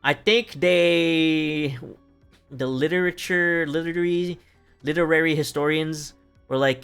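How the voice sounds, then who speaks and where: A man's voice: on the high side, normal speed, vocal fry, fairly bright tone, smooth, faint music behind. A man recapping a play on a live stream in casual talk, rambling and profane and laughing often.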